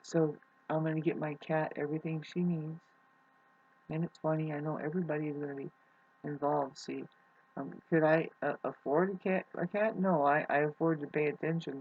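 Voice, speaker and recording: A vlogger musing in a soft, quiet way, hesitant and full of restarts. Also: medium pitch, breathy edge, phone-quality sound. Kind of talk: rambling spiritual musing.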